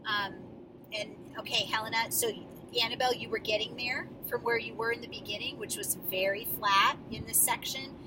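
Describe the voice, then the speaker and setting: A woman giving a drama coach's feedback to her student actors, patient and explanatory, often pausing on fillers as she works through a script. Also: on the high side, fairly even intonation, distant mic, background noise. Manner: encouraging, explanatory, with many fillers.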